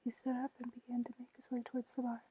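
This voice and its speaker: A woman's voice: fairly high pitch, quick pace, a little hiss or hum, rough recording. Woman reading a novel in whispered role-play. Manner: soft unvoiced whisper, even reading. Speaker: ASMR book reader.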